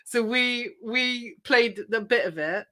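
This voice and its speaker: A woman's voice: fairly high pitch, slow pace, pushed and bright. A woman co-hosting a podcast, chatting casually, hopping between topics and laughing often. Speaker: podcast co-host. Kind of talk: casual chat.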